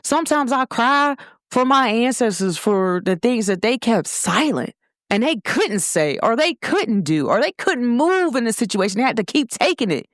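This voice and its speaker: A woman hosting her own show, talking in an expressive, animated motivational monologue. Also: a little high, normal speed, no echo, studio quality. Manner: expressive, animated storytelling with laughs and quoted voices. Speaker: show host.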